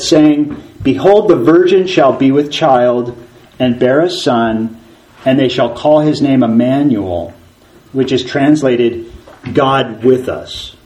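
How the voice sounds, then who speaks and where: A man's voice: fairly high pitch, dark tone, low-quality recording. A man preaching a sermon, earnest and conversational, with frequent rhetorical questions and occasional ums and restarts.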